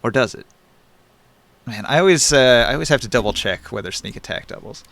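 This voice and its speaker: A man's voice: medium pitch, lively intonation, fairly quick, creaky, a bit bright, no echo. A man narrating a tabletop game as game master, thinking aloud over rules with easy fillers.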